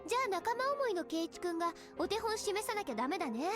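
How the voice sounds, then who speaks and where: A woman voicing a sweet, cheerful teenage girl who is gently insistent, in Japanese game voice acting. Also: very high-pitched, very animated, racing. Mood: pointed. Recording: game audio over background music. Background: background music.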